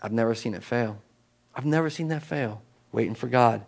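Fairly quick and creaky, a middle-aged man preaches like a pastor chatting with his congregation. His energy shows in abrupt pitch and volume shifts, repeated words, and frequent asides.

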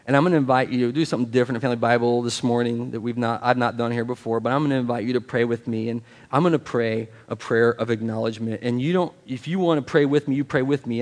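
A man's voice: medium pitch, steady tone, fast talker. Man preaching an emphatic, casual sermon. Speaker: pastor. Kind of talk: sermon with scripture reading and prayer. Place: church sanctuary. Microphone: handheld or stand microphone.

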